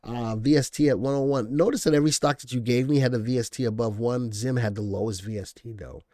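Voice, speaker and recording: A man's voice: mid-range voice, fast, dark tone, no echo, clean studio sound. A man hosting a live stock-analysis stream, talking casually, thinking aloud and answering viewer comments. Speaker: stock market show host.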